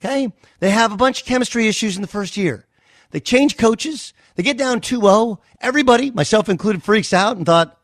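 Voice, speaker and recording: A man's voice: high voice, expressive, brisk, no room sound, studio quality. A man arguing hard in an on-air sports debate, emphatic and insistent. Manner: emphatic, insistent, repeats "okay?". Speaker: sports radio host.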